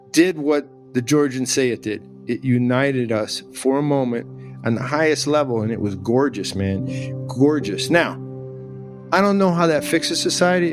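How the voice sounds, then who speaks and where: Emphatic middle-aged man telling a story. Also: mid-range voice. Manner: emphatic, repeats words for emphasis, emotional at times. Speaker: podcast guest. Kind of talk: animated storytelling in conversation.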